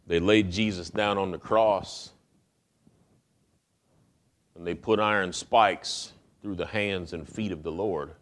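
A man's voice: sits low, steady tone, takes it slowly, pauses often. A male pastor preaching a sermon in a folksy, conversational way, often repeating words as he builds his point.

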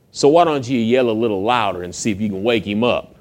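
A male pastor preaches a sermon, retelling a Bible story in a lively, conversational way and voicing the characters himself. His voice sits in the middle range and he talks fast.

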